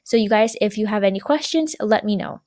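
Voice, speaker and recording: A woman's voice: medium pitch, a little fast, a little mellow. A woman teacher giving a recorded grammar lesson to young students, patiently repeating key points and checking in with "right?".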